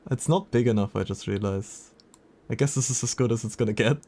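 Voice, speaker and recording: A man chats casually on a live stream, talking to his viewers and reacting to their messages as they come in. His voice sits in an ordinary middle pitch for a man. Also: fairly quick, mellow. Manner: chatty, reacts to chat messages. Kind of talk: casual livestream chat.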